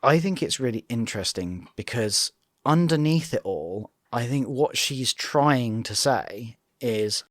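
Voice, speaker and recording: A man's voice: mid-range voice, expressive, measured pace, fairly bright tone, no echo, studio quality. A man co-hosting a casual reality TV reaction chat, breaking the show down analytically. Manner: analytical, mimics voices in quotes.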